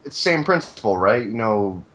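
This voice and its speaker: A man's voice: fairly low pitch, very animated, moderate pace, a bit bright, a little hiss or hum. A man hosting a casual podcast, joking around and laughing often. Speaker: podcast host.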